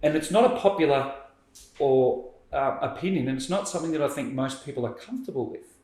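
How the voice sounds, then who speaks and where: A man, a podcast guest telling a story in lively conversation and acting out what people said. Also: fairly high pitch, fairly quick. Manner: animated, acts out quoted speech. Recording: roomy echo.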